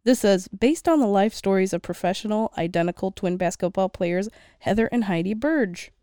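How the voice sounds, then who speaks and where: A woman's voice: medium pitch, normal speed, mellow, smooth, no echo, studio quality. A young woman co-hosting a podcast in casual chat, easygoing, at times reading notes aloud. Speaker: podcast co-host.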